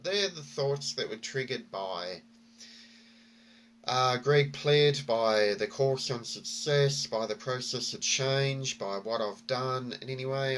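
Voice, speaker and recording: A man's voice: on the low side, fairly bright tone. Brief: male vlogger, casual reflective storytelling, loose and rambling, faint hum behind. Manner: rambling, many fillers and restarts.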